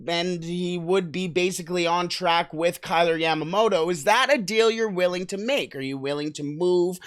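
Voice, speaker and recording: A chatty man hosts a solo sports podcast in a relaxed, conversational way. He keeps putting questions to his listeners and moves around in his seat while he talks. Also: high-pitched, smooth. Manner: shifts about in his seat while talking. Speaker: hockey podcast host. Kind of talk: casual solo podcast commentary.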